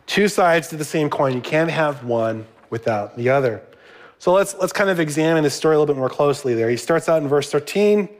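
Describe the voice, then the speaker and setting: A man's voice: on the high side, expressive, fairly quick. A middle-aged man giving a sermon as a pastor, conversational, with asides to the congregation.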